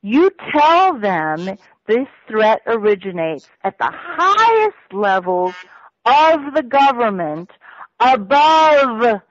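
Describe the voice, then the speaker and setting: A woman's voice: fairly high pitch, dry recording, natural voice. Woman voicing a furious male official, cursing emphatically, on muffled radio audio. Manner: angry, emphatic tirade.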